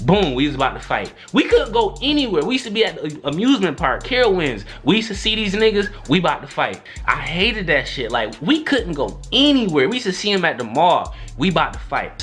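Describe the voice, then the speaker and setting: In a loose, slang-heavy storytime monologue, a young man vlogs about something that happened. He's animated throughout, acting out what other people said with big jumps in his voice.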